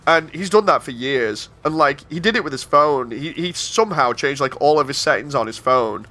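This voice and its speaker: Bright-toned man ranting casually. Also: on the high side, expressive, moderate pace. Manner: rambling, exasperated storytelling with laughs. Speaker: streamer. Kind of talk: casual chat while gaming.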